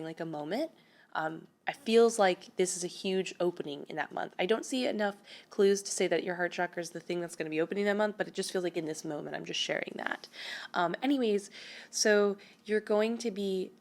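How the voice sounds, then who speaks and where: Young woman doing a tarot reading, chatty and emphatic, kinda low voice. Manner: chatty, emphatic, lots of fillers. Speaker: tarot reader. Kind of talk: pick-a-card tarot reading.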